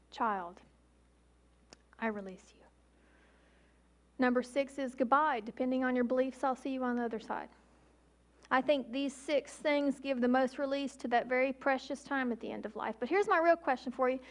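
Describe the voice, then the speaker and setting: Her pitch is high and her tone fairly bright as this emergency physician, a woman in her forties, delivers an emphatic public talk broken by slow, deliberate pauses.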